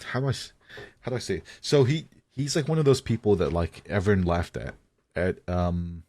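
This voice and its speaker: A young man with a lowish voice talks through a story in loose podcast chat. He piles up fillers and chuckles, and the sound is close and dry. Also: brisk, a little mellow, no echo. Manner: rambling, heavy with "like" fillers, giggly. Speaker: podcast co-host. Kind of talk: casual chat.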